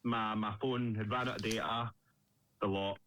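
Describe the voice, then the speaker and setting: Young Scottish fighter, animated casual talker, lo-fi sound. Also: male voice, on the low side, normal speed, slight background noise. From Scotland. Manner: animated storyteller, swears freely. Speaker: Muay Thai fighter, guest. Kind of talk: casual interview chat.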